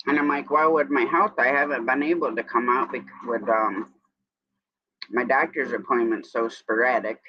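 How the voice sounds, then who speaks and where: Man, upstate New York accent, live-stream host, rambling chatty manner, unhurried, muffled lo-fi sound. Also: medium pitch, steady tone, no echo. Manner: rambling and chatty, greeting viewers between stories. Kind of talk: casual morning live-stream chat.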